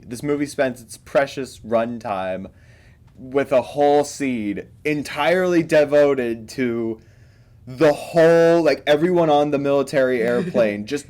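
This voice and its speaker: A man's voice: medium pitch, darkish tone. Chatty man hosting a movie chat. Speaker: host. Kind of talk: casual chat about movies.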